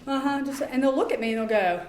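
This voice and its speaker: A middle-aged woman giving a lecture as a behavior specialist, lively and acting out quoted exchanges in voices. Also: high-pitched, fast talker, a little hiss or hum. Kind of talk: conference lecture. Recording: echoey room, faint background ambience.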